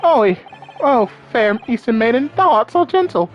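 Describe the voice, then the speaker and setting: An eccentric gentleman lodger, played by a woman reading a game aloud declaims in a theatrical, archaic manner. His voice sits raised and swings with lively pitch. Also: normal speed, highs cut off, soft background music. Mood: grandiloquent. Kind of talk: video game let's play voice acting.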